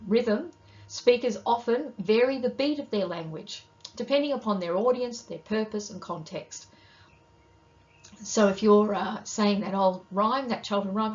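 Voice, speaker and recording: Woman teaching in a slightly muffled recording. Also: medium pitch. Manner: clear, measured teaching tone with guiding questions. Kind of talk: recorded lesson explaining terms.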